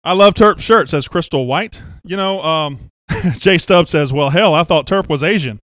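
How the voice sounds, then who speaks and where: A man's voice: on the high side, moderate pace, fairly bright tone, dry recording. A man hosting a casual show, joking and teasing the crew as he rambles along. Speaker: host. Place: studio office.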